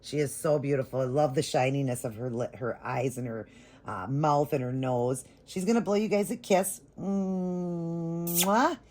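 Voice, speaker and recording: A woman's voice: rumbling low, normal speed, warm tone. A woman chatting through a casual unboxing vlog at home, gushing and sentimental and close to tears. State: emotional, holding back tears. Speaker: vlogger unboxing a reborn doll. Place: home doll nursery room.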